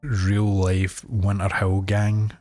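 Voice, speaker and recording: A man co-hosting a film podcast in casual chat, easygoing and measured with filler pauses. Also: on the low side, monotone, dark tone. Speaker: podcast co-host.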